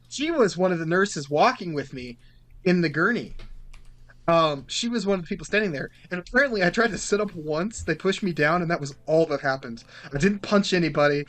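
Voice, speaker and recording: A young man tells a story on a casual podcast, slightly high in pitch, with soft music playing underneath. He is animated, swears freely and acts out the lines of the people in his story. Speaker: podcast host.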